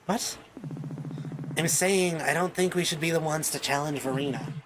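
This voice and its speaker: Woman voicing a soft worried protective girlfriend. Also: sits low, moderate pace, background noise, voice pushed down, close to an everyday voice. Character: protective caring young woman partner.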